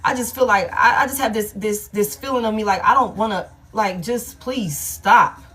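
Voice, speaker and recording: A woman's voice: mid-range voice, moderate pace, a bit bright. Blunt, profane woman doing a tarot reading. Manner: casual, blunt and profane, thinking aloud. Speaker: tarot reader. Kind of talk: collective love tarot reading.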